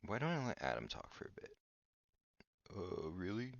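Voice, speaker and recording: A man's voice: medium pitch, huge pitch swings, fast, creaky, a bit bright, no room sound. A man hosting a podcast in a rambling comedic monologue, hesitant and full of fillers and restarts. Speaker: podcast host. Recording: dull lo-fi dry recording.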